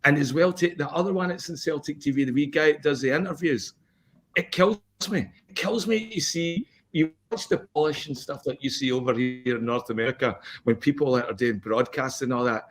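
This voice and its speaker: A man on a podcast, ranting in an animated, complaining way during casual chat. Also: fairly high pitch, slightly rough. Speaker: podcast co-host.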